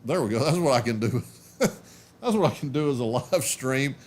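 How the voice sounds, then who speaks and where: A man's voice: medium pitch, lively intonation, moderate pace. A man in his forties hosting a casual live stream from home on a webcam, rambling and chatty, sleepy and yawning. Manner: rambling, self-interrupting, chatty.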